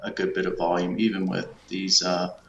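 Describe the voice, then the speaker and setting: A man's voice: sits low, monotone, normal speed, fairly bright tone. A man joining a casual business podcast as a panelist, talking in an easygoing, agreeable way. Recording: dull, distant, roomy with hum.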